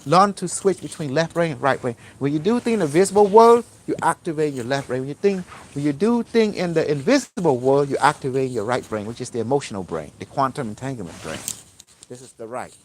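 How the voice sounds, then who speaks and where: A man with a fairly high voice who lectures loosely on spiritual ideas. His English is broken and his phrasing circles back on itself. He stresses points by repeating them. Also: animated, brisk. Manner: broken English, repetitive, emphatic. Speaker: spiritual teacher. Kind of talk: rambling informal lecture.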